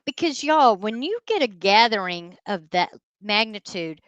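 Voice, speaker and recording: A woman, a guest ghost hunter telling a story in casual, animated talk. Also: medium pitch, a little slow, no echo, lo-fi sound. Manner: animated, addresses listeners as y'all.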